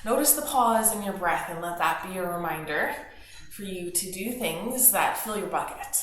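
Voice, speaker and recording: A woman guiding a gentle yoga class from her home studio, calm and soothing, with chatty asides. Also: fairly low pitch, normal speed. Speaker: yoga teacher. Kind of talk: guided yoga class instruction. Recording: very echoey home room with faint household noise. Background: household noise, TV news and dishwasher.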